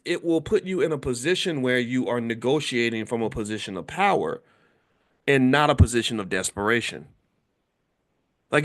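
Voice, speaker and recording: A middle-aged man hosting a commentary monologue, talking in a lively way and acting out quoted people in changing voices. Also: mid-range voice. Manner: animated, acts out quotes in character voices. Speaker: host.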